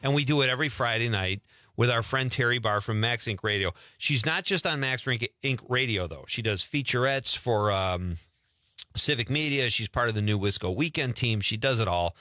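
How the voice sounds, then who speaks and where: Male radio host, bright tone, dry studio sound, easygoing banter. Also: medium pitch, normal speed, no room sound. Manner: relaxed, chatty, laughs easily. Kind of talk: casual on-air chat.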